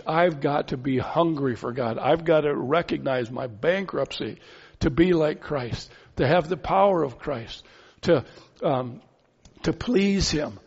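Male preacher, slightly high voice, earnest and pleading, muffled sound in a big echoing hall. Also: a little mellow, breathy edge. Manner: earnest, pleading, with rhetorical questions. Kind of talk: sermon. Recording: dull sound with long hall reverb.

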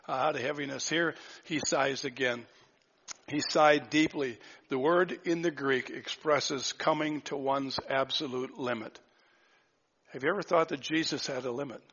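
Husky-voiced man preaching a sermon, lo-fi. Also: fairly high pitch. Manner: earnest, reflective, rhetorical questions, drops to soft voice. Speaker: pastor. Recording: dull lo-fi recording.

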